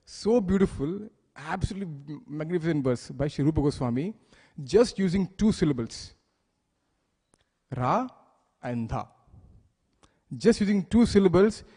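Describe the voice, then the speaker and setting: A man's voice: on the high side, mellow, big-room sound. A man giving a devotional scripture class, explaining words step by step and asking the listeners questions. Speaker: temple class speaker. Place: temple hall.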